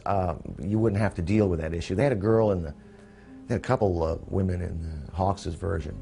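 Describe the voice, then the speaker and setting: A man in an interview recalling past decisions in a measured, thoughtful way with some hesitations. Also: sits low, darkish tone. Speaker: interviewee recalling making a film. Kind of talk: reflective interview.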